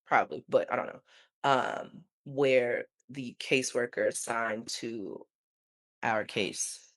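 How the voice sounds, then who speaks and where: A man, a teacher co-hosting a podcast, tells stories slowly but animatedly over a video call. It's casual storytelling, with frequent laughter and his voice jumping high whenever he quotes someone.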